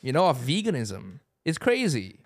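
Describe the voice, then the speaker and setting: A man's voice: mid-range voice, huge pitch swings, normal speed. A young man from Asia hosting a podcast, talking in a casual, joking and provocative way and laughing often. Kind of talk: casual chat.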